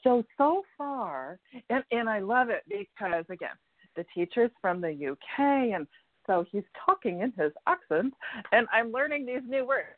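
A woman's voice: on the high side, big pitch swings, normal speed, dry recording. A woman talking in a casual radio chat as a guest, chatty and laughing often, acting out the lines she quotes. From United States. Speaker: guest, energy healer. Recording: tinny phone line, dry.

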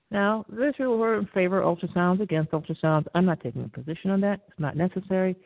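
A woman hosting a talk radio show, lecturing in a measured way with frequent pauses and fillers. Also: lowish voice, dry recording. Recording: tinny dry phone-line audio.

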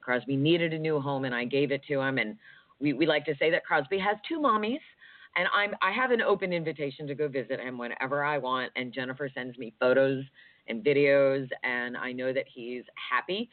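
A woman's voice: very deep voice, brisk, no room sound. Chatty woman co-host, tinny sound. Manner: chatty, rambling, fillers. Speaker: radio co-host. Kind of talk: casual talk radio chat. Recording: tinny phone-like dry sound.

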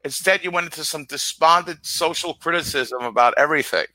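A man's voice: a little high, brisk, sharp tone, no echo, low-quality recording. A man co-hosting a sports talk radio show, teasing and ribbing his co-hosts in casual banter. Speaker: co-host.

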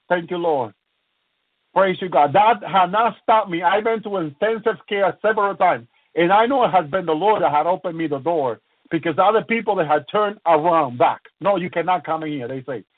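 A man's voice: high-pitched, no room sound. A man minister giving a fervent preaching testimony, breaking off often to praise God, with frequent restarts. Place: lives in the United States. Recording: thin phone-line radio broadcast sound.

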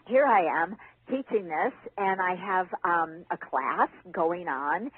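A woman guest, an author and teacher, telling stories in a casual interview, animated and laughing often. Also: on the low side, breathy edge. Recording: phone-line audio.

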